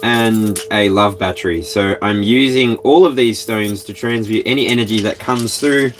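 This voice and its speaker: A man's voice: on the low side, moderate pace. A man with an Australian accent hosting a casual tarot livestream from his caravan, rambling playfully and breaking into bits of song. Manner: rambling, playful, sings snatches of songs. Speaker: tarot reader, livestream host.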